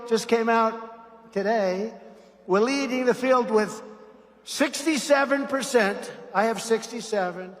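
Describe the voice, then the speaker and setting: A man's voice: high-pitched, fairly bright tone, long reverb tail. Sarcastic man giving a rally speech. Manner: boastful and sarcastic. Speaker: political speaker.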